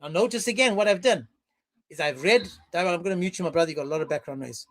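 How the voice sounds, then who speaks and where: A man's voice: high-pitched, fast, fairly bright tone. Sarcastic man hosting a debate stream. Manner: mocking, sarcastic. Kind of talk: livestream religious debate.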